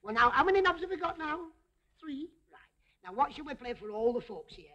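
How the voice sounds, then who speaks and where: High, lively comic woman coaxing a teddy. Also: fairly quick. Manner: fussing, coaxing, chatty, laughing often. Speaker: comic entertainer. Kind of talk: stage comedy routine with a teddy bear.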